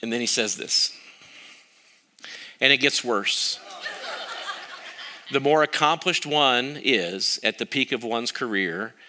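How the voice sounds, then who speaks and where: Wry, bright-voiced male pastor preaching. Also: medium pitch, slow pace, long pauses, slight background noise. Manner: self-mocking, storytelling with wry humor. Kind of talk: sermon.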